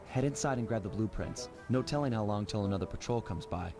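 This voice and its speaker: A lowish, relaxed voice from a man playing a suave master thief in a video game. He sounds cool and wry, with light music behind him. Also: quick pace, natural voice. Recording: game audio with faint music.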